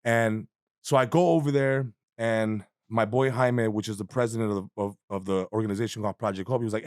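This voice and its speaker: A man, telling an animated story as a guest comedian in a casual chat, swearing freely and acting out voices. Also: fairly low pitch, brisk, no room sound, clean studio sound.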